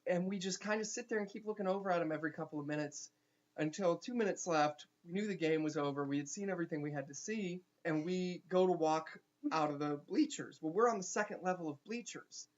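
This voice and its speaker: A young man, a teacher, telling a funny story casually with animated asides and quick restarts. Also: on the high side. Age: young adult. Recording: dull lo-fi recording.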